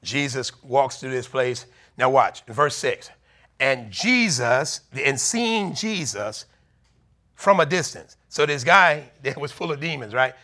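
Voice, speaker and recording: A man preaching a sermon, retelling a Bible story with lively asides and acted-out warnings. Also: medium pitch, takes it slowly. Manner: animated preaching, acting out townspeople's warnings.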